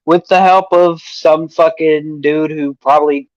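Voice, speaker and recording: A man's voice: on the high side, steady tone, a little slow, a little mellow, no room sound, dull audio. A man co-hosting a casual wrestling podcast, with crude, mocking banter. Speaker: podcast co-host. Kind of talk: casual chat.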